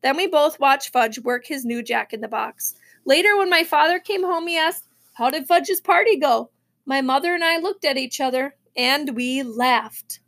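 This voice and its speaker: A woman's voice: high voice, normal speed, hardly any pauses, a bit bright. Woman reading a children's novel aloud. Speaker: reader.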